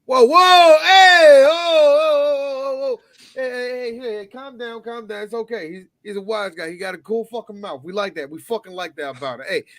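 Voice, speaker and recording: A man's voice: sits high, fast, hardly any pauses, lightly acted. A man improvising a blustering Italian-American mob bar owner in a podcast comedy bit, bossy and swearing. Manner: bossy, hot-tempered, swearing, says calm down over and over.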